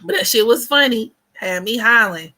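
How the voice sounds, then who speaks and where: Casual chatty woman in her 20s, bright voice, lots of "like"s, talking to y'all. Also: a little high, moderate pace. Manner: chatty and animated, heavy on fillers, addresses viewers as y'all. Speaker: vlogger. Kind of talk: casual storytime chat.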